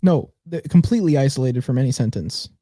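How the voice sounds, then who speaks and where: Man, quick rambling podcast chatter, mellow tone, dry close sound. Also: mid-range voice, animated, no echo. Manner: rambling, hesitant, playfully insistent. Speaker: podcast co-host. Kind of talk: casual podcast banter.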